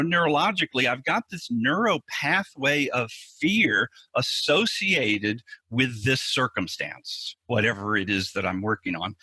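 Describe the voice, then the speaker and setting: A man's voice: mid-range voice, pushed and bright, slightly rough, no echo. A man speaking as a psychologist guest in an interview, explaining earnestly and with emphasis, often restarting and repeating words.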